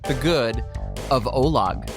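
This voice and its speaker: A man's voice: medium pitch, lively intonation, takes it slowly, over loud music. A man hosting an upbeat podcast, enthusiastic and playful as he tells stories and welcomes guests. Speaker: podcast host.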